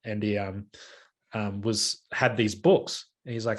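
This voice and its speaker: A man's voice: fairly low pitch, steady tone, a little slow. A man, co-hosting a podcast in casual chat, telling stories and acting out the lines of the people in them. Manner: storytelling with acted-out quotes. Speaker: podcast co-host.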